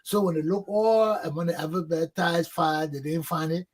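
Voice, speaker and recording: Husky-voiced man telling stories. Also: fairly high pitch, moderate pace. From Liberia. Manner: animated, acts out shouted quotes. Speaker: talk show host. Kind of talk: casual storytelling.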